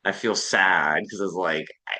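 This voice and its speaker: A man's voice: low voice, unhurried, bright, forceful tone, poor audio. A man with a Canadian accent in a casual group discussion, telling self-deprecating anecdotes.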